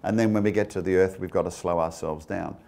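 A man with a fairly low voice giving a slide presentation to a live audience. He keeps it chatty, quizzes the room and slips in joking asides. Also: fairly even intonation, quick pace, creaky, a little mellow. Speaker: guest speaker.

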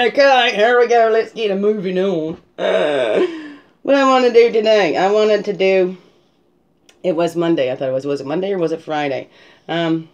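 A woman's voice: on the low side, a little mellow. A woman talking as a spiritual guide, musing and reflective, often checking in with a "right?" as she prepares a card reading. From Canada.

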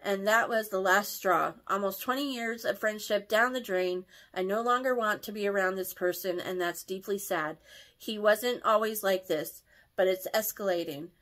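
A woman's voice: medium pitch, normal speed, fairly bright tone. A woman reading online posts and comments aloud, reacting emotionally, often stumbling and correcting her words.

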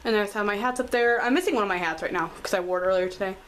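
A woman's voice: mid-range voice, rapid-fire, a bit bright, slight background noise. A young woman with a Southern American accent, giving a casual room tour in her bedroom and filming on a handheld camera, chatty and full of "like" fillers. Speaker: vlogger.

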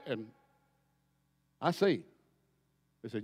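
A man preaching a folksy storytelling sermon, dropping to quiet asides and then bursting into loud shouts. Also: fairly high pitch, animated, slow, long pauses, breathy edge, big-room sound.

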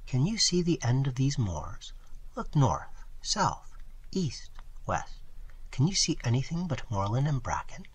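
A man reading a gentle, hushed young noblewoman. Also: mid-range voice, very animated, measured pace, breathy edge. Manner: soft, hushed, half-whispered. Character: mysterious young noblewoman, gentle, dreamy, sad. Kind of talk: audiobook reading.

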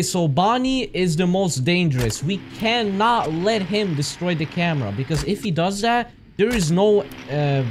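A young man hosting a horror game playthrough, reacting loudly and energetically with frequent swearing. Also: high-pitched, background noise. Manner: hyper, jumpy, loud reactions and swearing. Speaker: gaming channel host. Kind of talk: horror game let's play commentary.

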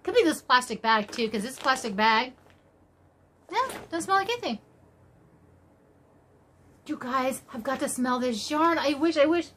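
High-voiced gushing woman with a lilt. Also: measured pace, long pauses, a little hiss or hum. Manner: gushing, exclaims often, voice jumps high with excitement. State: tired after work. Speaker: crochet vlogger. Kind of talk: casual unboxing chat.

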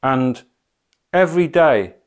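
A man's voice: mid-range voice, expressive, takes it slowly, clear, resonant tone. A middle-aged man telling his own spiritual testimony in an earnest, conversational way, full of "you know" asides. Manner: earnest and conversational, many you-knows, rising to near-shouting when reliving anger. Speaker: speaker giving a spiritual testimony. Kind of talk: personal testimony storytelling.

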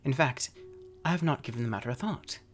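A man's voice: mid-range voice, fairly quick, natural voice. A man voicing a nervous, guilt-ridden man haunted by a dog, who talks defensively and evasively. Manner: defensive, evasive, rising to shouts.

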